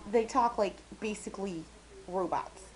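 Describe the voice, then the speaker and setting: A woman's voice: on the low side, low-quality recording. A young woman casually vlogging, rambling with lots of fillers, self-deprecating and talkative, sometimes mumbling. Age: young adult. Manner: chatty, self-deprecating, quotes friends in bright squealy voices.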